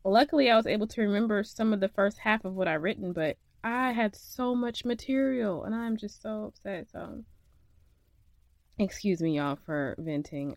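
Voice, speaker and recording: A woman's voice: medium pitch, normal speed, creaky, darkish tone, no room sound. A young woman hosting a podcast from a makeshift home studio, venting emotionally and laughing through her frustration in a casual monologue. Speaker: podcast host.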